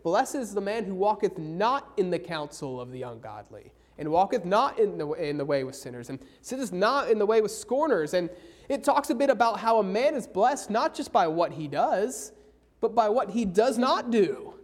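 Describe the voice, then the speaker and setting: Emphatic male preacher, lively pitch. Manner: emphatic, slows down for key phrases. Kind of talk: sermon.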